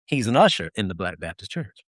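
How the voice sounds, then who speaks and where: A man's voice: fairly low pitch, big pitch swings, fast, no echo, studio quality. A man telling rowdy stories in casual live-video chat, laughing often and swearing freely. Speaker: military veteran guest.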